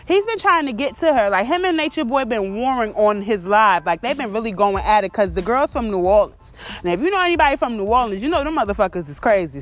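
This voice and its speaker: A woman hosting a podcast, ranting bluntly and mockingly in casual chat, full of profanity. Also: mid-range voice. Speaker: podcast host. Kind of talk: casual opinion rant.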